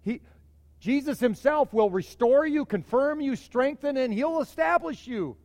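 A middle-aged man, a pastor, preaching a sermon in a conversational, animated way in a church sanctuary. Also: very high voice, unhurried, long reverb tail.

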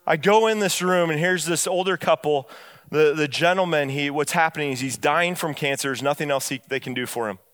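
A man with a notably high voice preaching a sermon in church. He leans hard on slow, emphatic lines, sinks into hushed low tones on key phrases, then rushes through his stories. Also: in a large hall. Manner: bursts of quick storytelling between slow, stressed lines. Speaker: pastor.

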